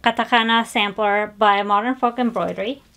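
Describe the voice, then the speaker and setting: Speaking at a moderate pace in a fairly bright, highish voice with fairly even intonation, a woman shows her cross-stitch finishes on a flosstube stitching vlog, wandering off topic, using lots of fillers, and correcting herself often.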